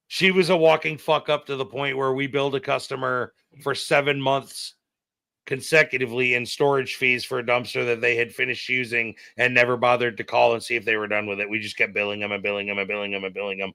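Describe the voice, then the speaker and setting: A man's voice: mid-range voice, little pitch movement, a little fast, creaky, bright, forceful tone, smooth, dry recording. Blunt, swearing man in a podcast chat. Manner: blunt, profane, wry. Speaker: podcast co-host. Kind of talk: casual chat. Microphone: streaming podcast mic.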